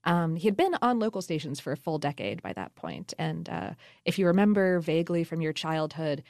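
A woman's voice: sits low, expressive, fairly quick, gravelly, darkish tone, no echo, studio quality. A woman co-hosting a podcast, chatting casually through food history with laughs and fillers. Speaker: podcast co-host. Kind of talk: casual conversational history chat.

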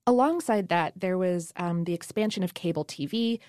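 A chatty woman co-hosts a casual history podcast and talks with an easy, laughing manner. Her voice sits a little low, and the studio sound is close and dry. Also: normal speed, a little mellow, dry recording. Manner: chatty, laughing, many fillers. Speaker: podcast co-host. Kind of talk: casual conversational history chat.

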